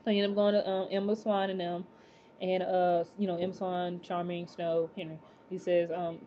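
A woman casually recapping a TV episode, rambling with many fillers and excited exclamations. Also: on the low side, a little fast, muffled recording, slight background noise. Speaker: TV episode reviewer.

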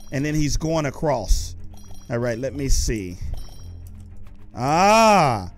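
A young man giving excited let's-play commentary while gaming, often shouting and taunting the monsters. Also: mid-range voice, slow, faint music behind. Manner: animated, shouts and taunts in-game enemies. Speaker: gaming YouTuber.

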